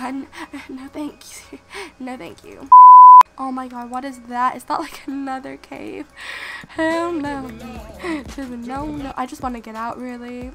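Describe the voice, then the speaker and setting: A sick woman hosts her let's-play gameplay commentary in a high, bright voice. She speaks at an unhurried pace, yet she is excitable, gasping and exclaiming at her viewers. Faint music plays behind her. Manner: excitable, gasps and exclaims, addresses viewers directly. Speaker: gaming channel host.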